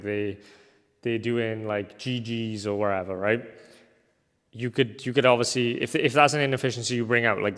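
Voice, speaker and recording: A young man from Wales teaching a recorded course lecture in a casual way, often tagging points with a quick question and filling pauses as he thinks. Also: lowish voice, fairly bright tone. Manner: casual, ends points with a tag question, thinks aloud with fillers. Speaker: agency coach. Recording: long hall reverb.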